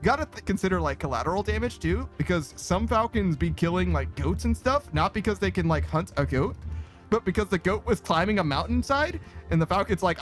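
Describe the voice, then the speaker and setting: A man's voice: sits high, lively intonation, fairly quick, soft background music. Rambling, laughing man streamer. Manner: laughs often, swears freely, rambling with many fillers. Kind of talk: casual live-stream chat reading comments.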